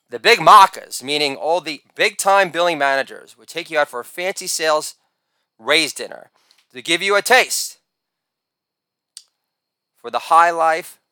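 A man narrating a comic memoir in a wry, rapid-fire storytelling manner, breaking into shouted catchphrase bursts. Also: medium pitch, smooth, dry recording.

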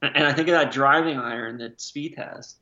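A man's voice: medium pitch, brisk, pushed and bright, lo-fi sound. A man co-hosting a casual sports talk podcast, joking and opinionated. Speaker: podcast co-host.

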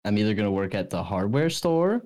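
A man's voice: sing-song, fairly quick, a little mellow. A young man in a casual chat among friends, riffing on silly ideas. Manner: jokey, goes high for impressions.

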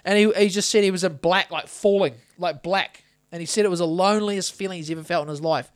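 A man's voice: sits high, fast talker, clear, resonant tone, no room sound, studio quality. A man hosting a podcast, telling a rambling story in casual chat, swearing often. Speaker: podcast host.

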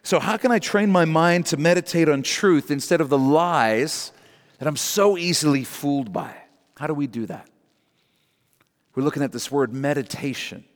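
A male pastor preaching a sermon, emphatic and slowing down to stress key words. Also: on the high side. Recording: long hall reverb.

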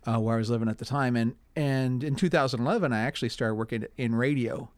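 A man who acts in community theater, relaxed and thoughtful in an interview. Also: medium pitch, fast, no echo. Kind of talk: casual interview.

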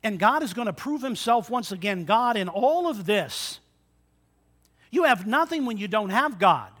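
A male pastor preaching a sermon, acting out the story in lively retellings and asking the congregation rhetorical questions. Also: sits high, moderate pace. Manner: dramatic retellings with shifting loudness.

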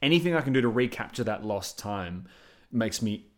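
A man in his thirties, a podcast guest, chatting casually with rambling, profane, animated storytelling. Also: fairly low pitch, moderate pace. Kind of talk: casual chat.

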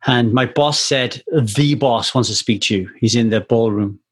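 In a laid-back podcast conversation, this co-host, a man with a husky, mid-range voice, spins a story at normal speed. He's lively and performs the voices of those he quotes.

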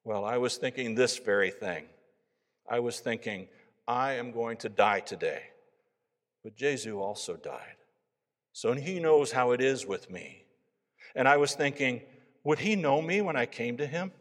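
Eager Viking convert, read by a male preacher: earnest, raised voice, mid pitch, long reverb. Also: animated, a little slow, close to an everyday voice. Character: eager earnest Viking man, a new believer.

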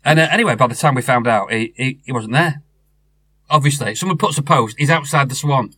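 Chatty man, bright voice. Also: medium pitch, fairly quick, husky, no room sound. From North West England. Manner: rambling anecdote, many restarts, chatty. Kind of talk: casual chat.

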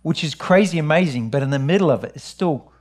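A middle-aged New man preaching, his voice sitting a little high for a man. He tells his story with lively animation and keeps returning to his message. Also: fast. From New Zealand. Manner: animated storytelling, rising high when excited. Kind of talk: sermon with personal testimony.

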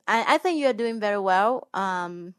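A woman in her thirties from Vietnam, a podcast guest speaking English hesitantly with many pauses. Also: mid-range voice, lively intonation, a bit bright, smooth, no room sound, clean studio sound. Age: 30s. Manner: hesitant, many ums, careful. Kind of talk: casual podcast chat.

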